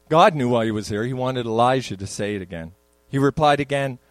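A man's voice: medium pitch, animated, a little fast, dry recording, poor audio. An older man, a pastor, preaching a sermon in a church, moving between conversational asides and emphatic peaks. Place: church sanctuary.

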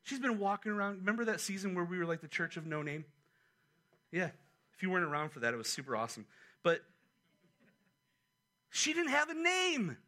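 A man preaching a sermon as pastor, animated and conversational, with quick asides to his church. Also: high-pitched. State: a little out of breath.

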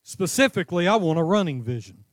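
Male pastor, high-pitched, fervent sermon delivery, dry close mic. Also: quick pace, no room sound. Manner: impassioned preaching, rising to cries then dropping to a calm teaching tone.

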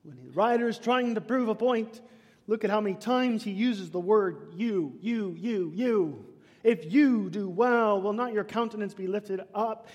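Man preaching, high voice, emphatic with hushed drops, long hall reverb. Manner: emphatic, swings from loud declaiming to hushed whispers. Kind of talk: sermon.

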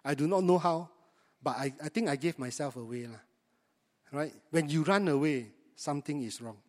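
A man's voice: a little high, moderate pace, a little mellow, long reverb tail. A man, preaching a sermon to his congregation in a conversational way and often asking them rhetorical questions. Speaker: pastor.

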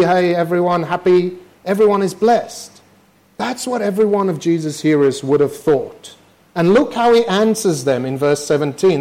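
A man preaching a sermon with a fairly high voice. He talks to the congregation in a conversational way and slips into quick imitations of his listeners' objections. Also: darkish tone. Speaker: pastor.

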